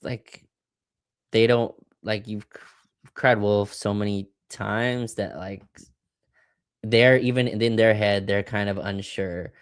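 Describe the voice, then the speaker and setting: A man with a fairly low voice talks through a basketball game as a podcast co-host, casual and analytical. He hedges his opinions and thinks out loud. His voice sounds dry and close, with no room around it. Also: smooth, no echo. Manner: analytical, hedging. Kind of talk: casual sports recap chat.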